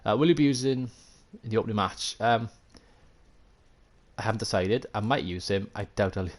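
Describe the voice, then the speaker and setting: Welsh male streamer, lowish voice, chatty running commentary, self-deprecating asides to viewers. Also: moderate pace. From Wales. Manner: thinks aloud, chatty, self-mocking, answers chat. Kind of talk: live gameplay commentary.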